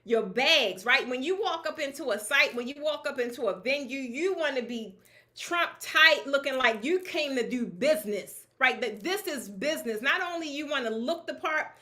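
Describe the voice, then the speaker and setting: A woman running a draping business, giving a casual, lively talk to an audience of peers, laughing often and speaking in a colloquial, emphatic way. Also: high voice, normal speed.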